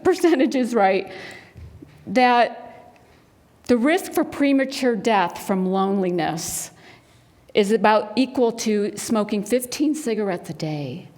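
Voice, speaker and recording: A woman speaking to a spiritual center congregation, telling stories and acting out the people in them. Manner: animated storyteller, acts out quotes in a high bright voice. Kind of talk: sermon talk with storytelling. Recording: long hall reverb.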